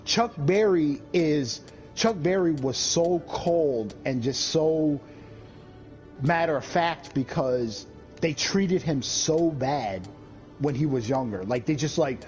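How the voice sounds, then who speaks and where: A man's voice: on the high side, slow. A man chatting casually on a gaming stream, swearing a lot and acting out the people he talks about. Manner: profane, animated, does voices of people he tells about. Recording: dull lo-fi stream audio with faint game music.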